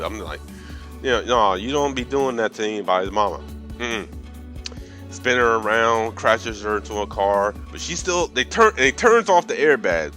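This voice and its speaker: A man's voice: medium pitch, soft background music. Profane man recapping a film. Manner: animated, acts out characters in quick voices; profane, slangy storytelling. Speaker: movie recapper. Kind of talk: comedic movie recap.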